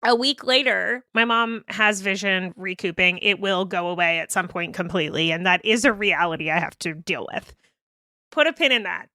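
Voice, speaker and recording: A woman guest on a podcast, telling a personal story in casual, animated chat, swearing freely. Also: mid-range voice, moderate pace, dry recording, clean studio sound.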